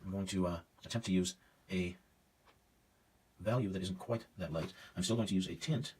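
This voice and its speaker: A man's voice: low voice, fairly even intonation, moderate pace, a little mellow, recorded from a distance, slight background noise. A man teaching a painting demonstration, thinking aloud as he works, casual and self-critical with hesitant fillers. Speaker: art teacher.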